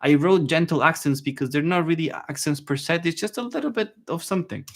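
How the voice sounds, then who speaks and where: A man giving a live online saxophone lesson, relaxed and chatty, often checking in with his viewers and singing phrases to show them. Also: on the high side, a little fast, creaky. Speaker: saxophone teacher.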